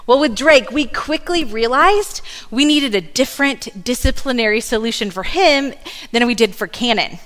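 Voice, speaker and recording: A woman in her thirties giving a sermon in a church, telling family stories with lively asides. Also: a little high, moderate pace, long reverb tail. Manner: warm storytelling with asides and laughs. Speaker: church speaker. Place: church sanctuary.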